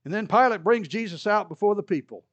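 Fast and lively in his intonation, a pastor preaches by retelling scripture as a story, performing the people's voices with a rising pitch. The sound is muffled, with no room sound.

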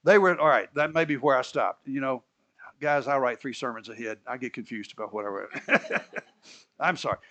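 A man's voice: medium pitch, moderate pace, a bit bright, dull audio. A man preaching a sermon, telling the story with energy, acting out the characters' lines and laughing at his own asides. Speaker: pastor.

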